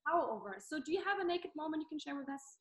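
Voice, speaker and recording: A woman from Germany hosts a podcast interview in a high, bright voice. She speaks enthusiastically and with warm appreciation, asking questions in a conversational way. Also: very animated, very fast. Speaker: podcast host.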